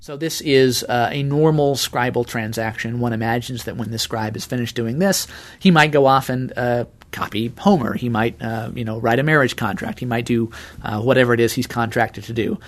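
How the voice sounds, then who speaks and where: Mid-pitched male scholar, hesitant and measured, heavy on fillers. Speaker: scholar guest. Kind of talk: interview explanation.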